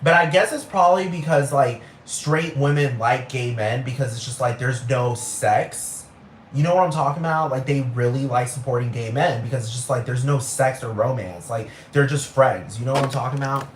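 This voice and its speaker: A man's voice: mid-range voice, normal speed, slight background noise. Rambling, profane man ranting alone. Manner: rambling, profane, keeps asking "you know what I'm talking about". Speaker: podcast host. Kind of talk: casual solo rant. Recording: echoey outdoor recording with crickets.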